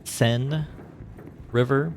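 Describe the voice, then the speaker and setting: A man's voice: medium pitch, fairly even intonation, extremely slow, gravelly, a little hiss or hum. A man streamer giving casual live gameplay commentary, rambling and joking with lots of fillers. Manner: rambling and jokey, heavy on fillers.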